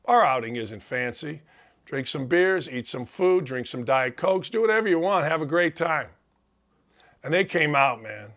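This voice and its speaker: A man delivers a heartfelt monologue as a sports talk host. His voice is bright and forceful, sitting a bit high, and he is choked up, near tears. He talks with raw, emotional gratitude.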